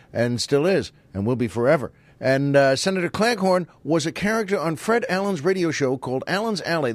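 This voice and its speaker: Male podcast host, rambling storyteller, fairly high voice, dry close recording. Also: no room sound. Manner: rambling, digressive, chuckling storyteller. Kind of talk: casual comic monologue.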